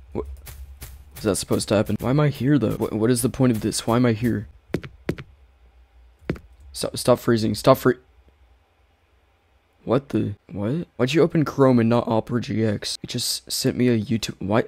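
A man's voice: medium pitch, normal speed, pauses often, a little mellow, husky, soft background music. A man commentating a horror game, talking in a rambling, jumpy way and yelping when startled. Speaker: gaming YouTuber.

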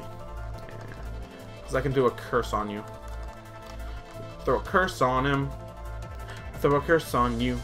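A man's voice: mid-range voice, slow, pauses often, over music. A man chatting playfully through a let's play, singing silly little ditties as he goes. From Canada. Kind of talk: casual gameplay commentary.

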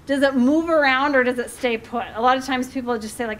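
A high-pitched middle-aged woman talks as a life coach in a loose, chatty way. She often restarts her sentences, fills gaps with small words and laughs now and then. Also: fairly even intonation, brisk, slight background noise. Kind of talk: talk on handling emotions.

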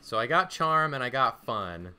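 A man's voice: mid-range voice, very animated, normal speed, loud music behind the voice. A man co-hosting a game stream in casual, joking banter. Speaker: host.

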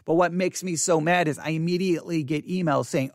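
A man's voice: a little high, a little fast, hardly any pauses, no echo, clean studio sound. A middle-aged American man, a pastor hosting a podcast, giving blunt and exasperated commentary on a listener's email. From United States.

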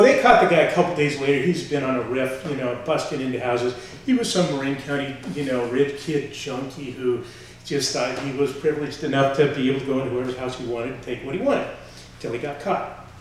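A man telling a personal story on stage to a live audience, animated and full of fillers, acting out quotes as he goes. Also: mid-range voice, brisk, a little hiss or hum. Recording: echoey hall from far off.

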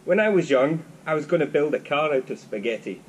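A man's voice: fairly high pitch, animated, brisk, muffled recording, a little hiss or hum. A man hosting a casual interview, cheerful and joking as he reads out questions and runs a game. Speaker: host.

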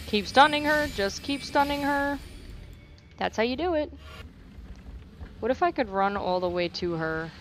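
A woman's voice: fairly high pitch, unhurried, long pauses, soft background music. A young woman doing let's play commentary. She swears freely, repeats phrases and talks back to the game. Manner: animated reactions, repeats phrases. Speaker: gaming YouTuber.

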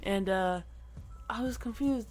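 A teenage boy telling a personal story to camera, halting and rambling with lots of fillers. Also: sits high, faint music behind. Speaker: vlogger.

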